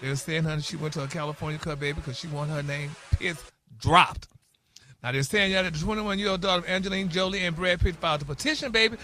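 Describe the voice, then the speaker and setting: High, bright-voiced gossip man. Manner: gossipy, sprinkles "honey", "baby" and "y'all"; animated, opinionated, bickers with co-hosts. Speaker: radio morning show celebrity gossip host. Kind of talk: celebrity gossip segment on morning radio.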